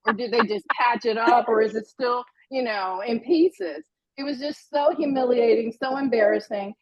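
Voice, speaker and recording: Middle-aged lady telling a story casually, kinda high voice, laughs at herself, dull lo-fi audio. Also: normal speed, a crowd in the background. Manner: animated, self-deprecating. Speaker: guest storyteller. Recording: dull lo-fi sound.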